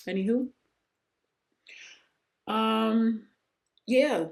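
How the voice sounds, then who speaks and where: A woman hosting her own podcast, telling a personal story in an earnest, emotional way that sometimes rises almost to a shout. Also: moderate pace, gravelly. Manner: emotional, earnest, rising to near-shouts at high points; breaks off to hush a pet in a low, quiet voice. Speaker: podcast host.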